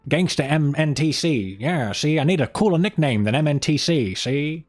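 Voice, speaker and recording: A man's voice: on the high side, animated, normal speed, soft background music. A man putting on a tough-talking old-time gangster voice, tacking a clipped "see?" onto his phrases. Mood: cocky.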